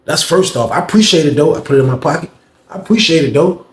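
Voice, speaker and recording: A man's voice: a little high, lively intonation, fast talker. A man telling a story from his own life in a blunt, profane, casual way. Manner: profane, blunt street talk. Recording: echoey room.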